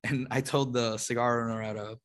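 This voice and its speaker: A man's voice: medium pitch, a little fast. A middle-aged man from Rico, a comedian and podcast co-host chatting as a guest. He tells stories with energy, laughs often and jumps into the voices of the people in them. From Puerto Rico. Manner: animated storyteller who acts out other people and laughs often. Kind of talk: casual chat, guest storytelling.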